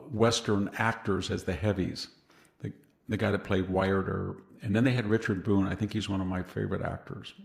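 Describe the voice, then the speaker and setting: Gravelly low-voiced man telling rambling stories. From California. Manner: rambling anecdotal storyteller, laughs at his own stories. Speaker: guest historian. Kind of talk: casual interview conversation. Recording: roomy echoey sound.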